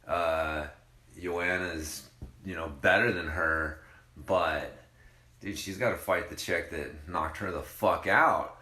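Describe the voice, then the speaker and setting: A man's voice: deep voice, bright, forceful tone, reverberant. A man co-hosting a podcast, chatting in a laid-back, agreeable way and swearing casually. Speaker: podcast co-host. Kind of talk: casual chat.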